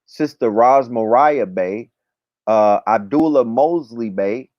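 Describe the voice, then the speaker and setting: A man's voice: mid-range voice, slow pace, no room sound. Slangy man hosting a dry lo-fi livestream. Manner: loose, slangy, repeats "you know what I'm talking about". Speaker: livestream show host. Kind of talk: casual livestream chat with viewer shout-outs. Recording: dry, dull lo-fi stream audio.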